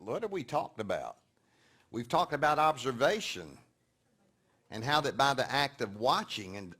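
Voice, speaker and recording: A man giving a sermon-style teaching to an audience, telling stories and moving between quiet, hushed passages and loud, emphatic points. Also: mid-range voice. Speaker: speaker teaching a session.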